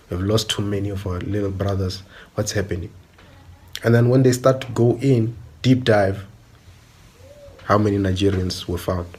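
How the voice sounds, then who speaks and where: A man's voice: on the low side, a little mellow, slightly rough. A young man with a South African accent, giving an emphatic opinion monologue full of repetition and rhetorical questions.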